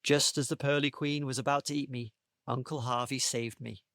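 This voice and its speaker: A man on a podcast panel reading out a comic made-up story, with a playful, deadpan delivery. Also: medium pitch, normal speed, dry recording, studio quality.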